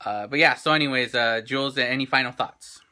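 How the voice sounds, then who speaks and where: A man's voice: mid-range voice, a little fast, pushed and bright. A man in his thirties hosting a casual vlog chat, rambling and enthusiastic with lots of restarts, recorded on a handheld camera in an indoor gallery. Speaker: show host.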